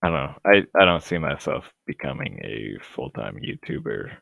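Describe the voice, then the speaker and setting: Young male gamer, very deep with a gravelly fry, losing his voice; hesitant, dry sarcasm; tinny, dead-dry mic. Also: very animated, normal speed, no echo. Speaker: gameplay commentator. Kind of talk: casual let's-play commentary.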